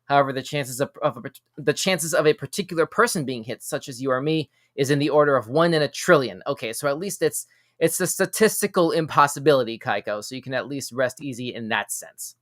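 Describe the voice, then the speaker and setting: A man hosting a live news reaction stream. He reads weird news items aloud and breaks off for quick jokes and asides, often tripping over and repeating his words. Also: mid-range voice, dry recording, clean studio sound. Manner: stumbles and repeats words when excited. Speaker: show host.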